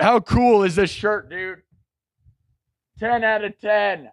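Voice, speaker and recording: A man hosting a live music stream, chatting in a rambling, excitable way and breaking into shouts. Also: sits high, unhurried, no room sound. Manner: excitable, bursts into shouts, heavy use of "like".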